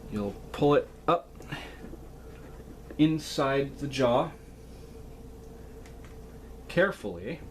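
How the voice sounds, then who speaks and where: A man's voice: medium pitch, very slow, long pauses, a little hiss or hum. Folksy man explaining a puppet repair. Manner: relaxed, folksy step-by-step explaining. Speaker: toy repair host and ventriloquist. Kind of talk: hands-on repair tutorial.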